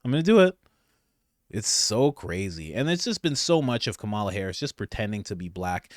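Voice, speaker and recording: Brief: male comedian, lively swooping delivery, dry close mic. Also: on the low side, a little fast, dry recording. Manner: animated, laughing, incredulous. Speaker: comedian commentator. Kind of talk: comedic political commentary.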